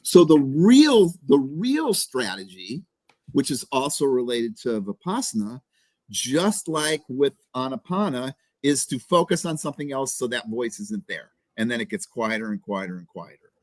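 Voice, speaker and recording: This man speaks in a mid-range, sing-song voice at a moderate pace, recorded dry. As a podcast guest in a casual interview, he's blunt and profane, voicing the critic that lives inside someone's head.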